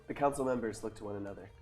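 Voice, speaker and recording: A man reading the stage directions as narrator of a comic script read-through, with quick asides. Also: lowish voice, warm tone, soft background music.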